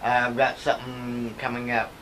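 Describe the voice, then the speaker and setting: A man's voice: mid-range voice, monotone, moderate pace, sharp tone, slight background noise, low-quality recording. A man from Oklahoma with an Oklahoma accent, an actor guest telling folksy stories in a casual interview. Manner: folksy, chuckling storyteller.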